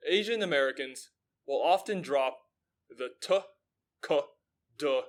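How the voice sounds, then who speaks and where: A man's voice: on the high side, expressive, unhurried. Earnest young man hosting an explainer. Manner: poses rhetorical questions and answers them. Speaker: show host. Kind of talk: scripted explanatory monologue.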